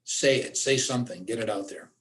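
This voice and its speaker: A man leads a training workshop in a plain, mid-pitched voice. He talks in a direct, emphatic way and repeats his key points. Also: brisk. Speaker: suicide awareness trainer. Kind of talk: workshop presentation.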